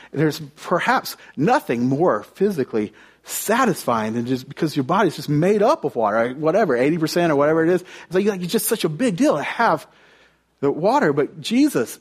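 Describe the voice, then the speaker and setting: A young man from the United States preaches in a loose, conversational way. His voice sits a little high for a man, and he tells stories, often restarting his phrases mid-thought. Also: very animated, moderate pace, breathy edge. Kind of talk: sermon.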